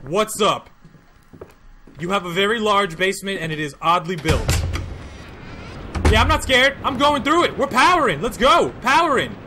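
A man doing a let's play commentary on a horror game, jumpy, loud and joking as he shouts at what happens on screen. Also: sits high, expressive, normal speed, pauses often, a little hiss or hum. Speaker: gaming video host.

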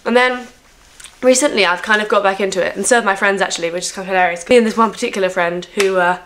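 A woman's voice: mid-range voice, quick pace, a bit bright, slight background noise. A teenage girl at home, chatting rambly and self-mocking to camera with lots of fillers and restarts. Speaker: vlogger. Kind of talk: rambling casual chat to camera.

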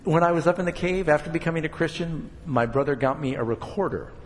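A man's voice: fairly high pitch, quick pace, in a large hall. An older man preaching a sermon, talking casually to the congregation and building up emphatic points. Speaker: pastor.

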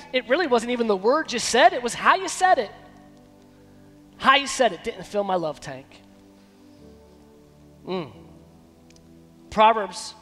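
Slow, high-voiced pastor preaching. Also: male voice, pushed and bright, big-room sound. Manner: emphatic preaching with dramatic pauses; acts out quoted dialogue in shifting voices. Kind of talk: sermon. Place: church sanctuary.

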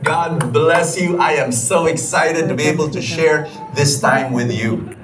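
A man with a Filipino accent preaching a sermon, switching between English and Tagalog in a lively way. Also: a little high, measured pace, over a noisy crowd. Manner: lively, mixes English and Tagalog, sings briefly, laughs often. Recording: roomy, from some distance, faint background noise.

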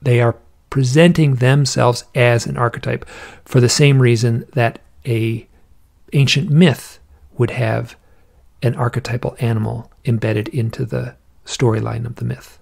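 Guy with a gravelly voice rambling thru stories, lots of restarts, mid pitch. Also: fairly even intonation, a little slow, darkish tone. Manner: rambling, restarts often, acts out quoted voices. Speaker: podcast guest, author on owls and UFOs. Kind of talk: casual interview storytelling.

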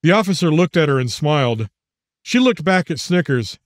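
Author-narrator, male, slightly high voice, measured audiobook read, dry booth. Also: no echo. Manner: measured, even storytelling.

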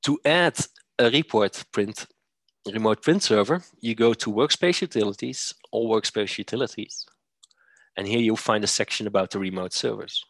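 A man presenting a software demo, walking through steps methodically with occasional fillers. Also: lowish voice, normal speed, no room sound. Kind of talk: screen-share software demo.

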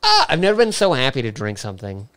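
A man's voice: mid-range voice, wildly swooping pitch, fast, fairly bright tone, clean tone. A man co-hosting a whiskey live stream, playful and laughing often while giving tasting notes and reading chat.

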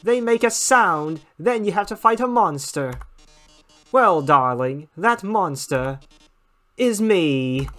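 A man's voice: high voice, expressive, a bit bright, soft background music, voice pushed up, full character voice. A man hamming up a flamboyant showman robot. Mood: theatrical. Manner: theatrical, drawn-out, mock-tragic.

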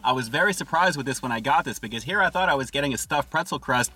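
A man's voice: mid-range voice, animated, quick pace, pushed and bright. A man doing an upbeat casual food review from inside a parked car, calling his viewers "guys" and chewing between lines.

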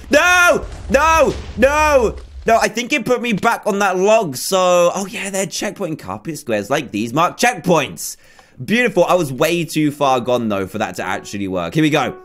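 A young man, giving excitable let's play commentary and groaning at failed jumps. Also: high voice. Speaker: gaming YouTuber.

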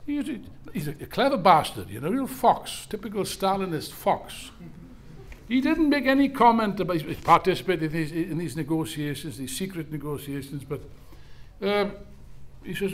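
A man's voice: high voice, big pitch swings, normal speed. An older man giving an impassioned speech at a political rally, emphatic and hammering key phrases through repetition. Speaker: rally speaker.

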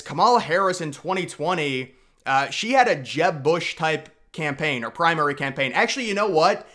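Forceful young man ranting about politics. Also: on the high side. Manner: emphatic and sarcastic, with frequent restarts. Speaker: political commentator. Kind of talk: opinionated political commentary.

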